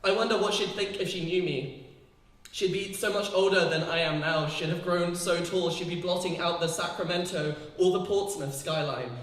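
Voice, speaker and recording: A woman's voice: fairly low pitch, moderate pace, distant mic. A young woman from performs her own poetry at a live gallery poetry night. Between poems she turns hesitant and leans on fillers. Her voice rings through a very echoey hall with a long, hanging reverb. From England. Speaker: poet.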